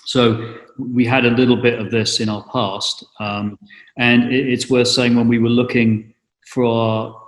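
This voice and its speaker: A man's voice: medium pitch, flat delivery, measured pace. A middle-aged man from England, giving an interview and talking hesitantly, with many fillers and restarts. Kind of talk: casual interview. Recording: roomy echo.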